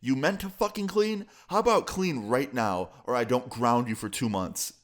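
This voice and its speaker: A man's voice: medium pitch, big pitch swings, normal speed, close to an everyday voice. A man voicing an angry, suspicious middle-aged father who interrogates and swears at teenagers. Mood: furious.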